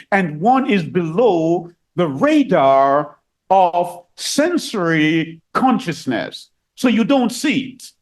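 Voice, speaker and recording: Man, preacher, sermon, high voice, very animated, reads scripture, repeats key phrases. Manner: rises higher and louder for emphasis.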